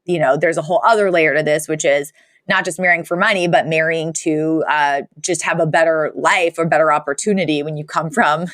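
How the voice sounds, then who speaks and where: A woman's voice: sits low, steady tone, fairly quick, a bit bright, no room sound. Chatty woman podcast co-host, dry sound. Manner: chatty, retells scenes with lots of likes and you-knows. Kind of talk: casual recap chat.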